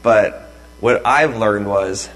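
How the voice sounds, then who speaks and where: A man speaking as a pastor, thanking people and leading a sermon in a relaxed, halting way with many pauses and fillers. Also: lowish voice, rough recording.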